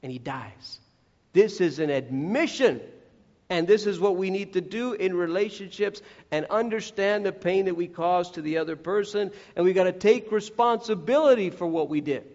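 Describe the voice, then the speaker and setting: A man's voice: high voice, normal speed, darkish tone. A man preaching a sermon, earnest and direct, who acts out the voices he quotes. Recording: echoey hall, dull lo-fi sound.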